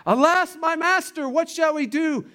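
A man voicing a terrified young male servant, squealing in a shrill, high voice. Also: normal speed, a bit bright, clean tone, close to an everyday voice. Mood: panicked.

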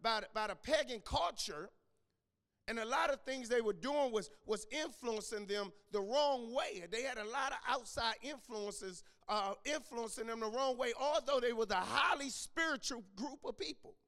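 A man with a high voice preaches a sermon in a church sanctuary. He repeats and restarts his phrases and calls out congregants by name, building to shouts. Long reverb trails off the hall around him. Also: normal speed. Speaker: pastor.

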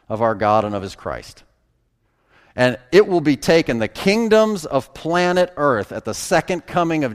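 A man pastor preaching a conversational sermon, with sudden emphatic bursts. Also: medium pitch.

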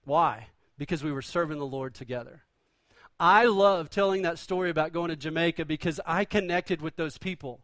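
A man's voice: a little high, moderate pace, fairly bright tone, dry recording. A male pastor preaching a sermon in a conversational, joking storytelling manner.

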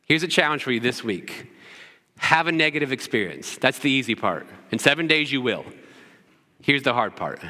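A man pastor delivers a sermon in a bright, forceful voice that carries a lingering reverb through the church. He leans on rhetorical questions and returns to the same short phrase again and again for emphasis. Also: medium pitch, very animated, normal speed.

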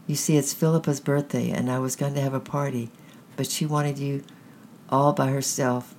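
A storyteller voicing a kind, anxious mother who fusses gently over a child. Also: mid-range voice, little pitch movement, normal speed, a little hiss or hum, natural voice. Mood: relieved.

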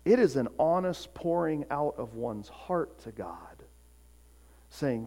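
A man preaching a sermon, earnest, swinging from emphatic peaks to quiet, soft passages. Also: mid-range voice, animated, measured pace. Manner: acts out short voices in quotes. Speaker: pastor.

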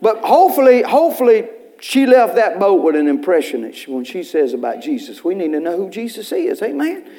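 High-voiced folksy preacher man. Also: big pitch swings, a little fast. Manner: folksy storytelling, bursts of loud preaching. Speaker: pastor. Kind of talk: sermon. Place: church.

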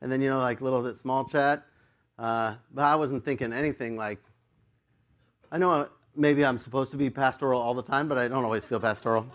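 A male pastor telling a story in his sermon, animated and self-mocking and often laughing. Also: medium pitch, brisk.

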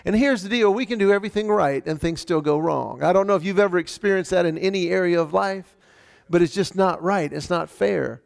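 A man telling a personal story to a live audience, animated, acting out the voices of the people in it. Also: brisk, gravelly, clean tone. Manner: animated, acts out quoted voices with rising pitch.

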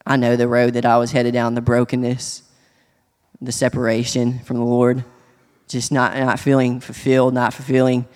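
A man sharing a personal testimony in church, speaking earnestly and haltingly, with many restarts. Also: mid-range voice, completely flat delivery, a little mellow. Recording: long hall reverb.

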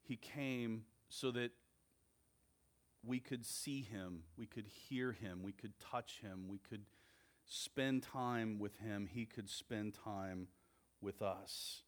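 Male pastor, slow and measured sermon delivery, earnest. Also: lowish voice.

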